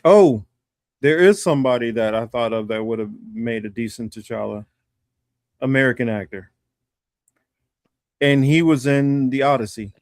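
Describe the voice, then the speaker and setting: A man co-hosting a livestream, talking casually in a rambling, halting way with lots of fillers. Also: mid-range voice, no room sound, clean studio sound. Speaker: livestream co-host. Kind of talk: casual chat.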